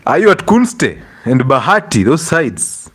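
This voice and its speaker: A man's voice: a little high, big pitch swings, unhurried, fairly bright tone, slightly rough. A young Kenyan man hosting a casual livestream, greeting viewers by name, breaking into Swahili and laughing often between stories. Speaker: livestream host.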